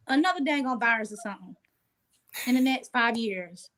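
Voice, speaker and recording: A woman talking as an interview guest in casual chat, relaxed and streetwise, often asking "you know what I'm saying". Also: fairly high pitch, a little fast.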